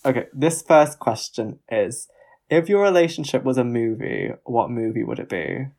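A man's voice: medium pitch, expressive, moderate pace, darkish tone. A man asking a pair relationship questions in a playful interview. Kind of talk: light quiz-style interview.

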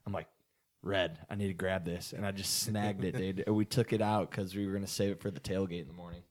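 Young male podcast co-host, lowish voice, loose rambling storyteller. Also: fairly even intonation, quick pace. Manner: rambling, swears often, says dude. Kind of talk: casual storytelling among friends.

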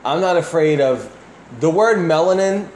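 A man's voice: on the high side, animated, moderate pace, darkish tone. Man co-host, profane ranting chat, echoey room with faint hiss. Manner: blunt, ranting, swears a lot. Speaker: podcast co-host.

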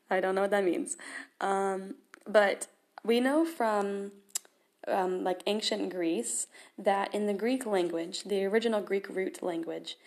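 A young woman hosting her own podcast, her voice at an ordinary middle pitch. She reads verses aloud and then talks them through earnestly and casually, with fillers and small laughs along the way. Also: a little mellow. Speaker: podcast host. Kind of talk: casual devotional talk with scripture reading.

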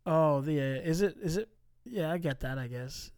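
A young American man hosting a casual podcast, ranting in animated mock outrage. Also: fairly high pitch, moderate pace, clean tone, no echo, studio quality. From United States. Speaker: podcast host.

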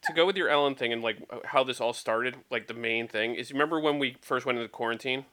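A man in casual podcast talk, calmly pushing back on his co-host. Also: medium pitch, fast talker. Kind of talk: casual chat.

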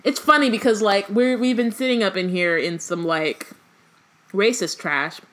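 A woman's voice: mid-range voice, moderate pace, a bit bright. A woman co-hosting a book podcast, reading passages aloud and chatting casually with lots of "like" and "um". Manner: reads passages with fillers, many "like"s. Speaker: podcast co-host.

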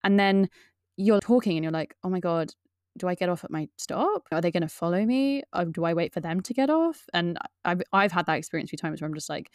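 A woman's voice: lowish voice, lively intonation, fairly quick, darkish tone, no room sound, studio quality. Frank woman podcast host. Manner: frank, reactive, swears freely. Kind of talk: casual chat.

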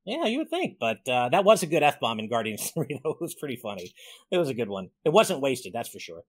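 This casual gaming podcast host reads his supporters' super chat messages and names, cheerful and thankful as he goes. His mid-range voice has a sing-song lilt and a brisk pace. The recording is dry.

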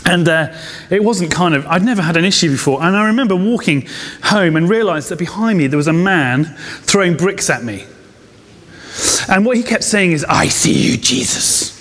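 High-voiced pastor in a reverberant hall. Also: male voice, animated, fairly bright tone. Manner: chatty, with self-interrupting asides and quick laughs. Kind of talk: conversational sermon.

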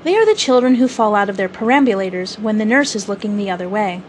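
A woman's voice: medium pitch, expressive, fast talker, slight background noise, natural voice. A woman reading aloud as a passionate, boastful boy who never wants to grow up. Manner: passionate, cocky, boyish.

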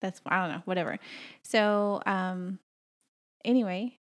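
A woman's voice: mid-range voice, a little slow. A woman from the American South co-hosting a podcast in a rambling, chatty way, laughing often. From Southern United States. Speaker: podcast co-host. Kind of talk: casual podcast chat.

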